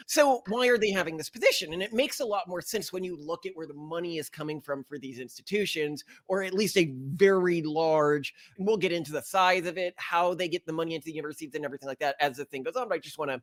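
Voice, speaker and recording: An American man in his thirties holds forth on a podcast, casual and opinionated. He talks with emphatic energy and often acts out what imagined listeners might say, and his voice sits a little high for a man. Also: fast, hardly any pauses, no room sound, clean studio sound. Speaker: podcast co-host.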